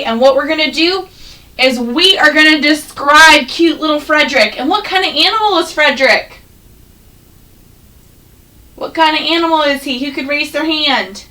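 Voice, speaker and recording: A woman teaching a first grade class, sounding out words slowly and praising the children. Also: sits high, pushed and bright, distant mic, poor audio. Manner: slow, exaggerated sounding out of words, encouraging. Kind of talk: classroom phonics and reading lesson.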